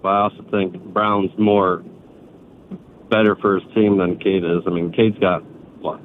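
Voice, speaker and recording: A man's voice: low voice, level tone, measured pace, a little hiss or hum. A man calling in to a sports radio show, stubborn and casual in his opinions. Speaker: caller. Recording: tinny phone line.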